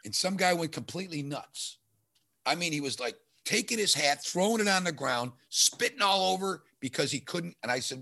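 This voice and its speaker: A man's voice: fairly high pitch, normal speed, creaky. A man telling a story in casual chat, acting out the lines of the people in it. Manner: animated storytelling, acting out quoted dialogue.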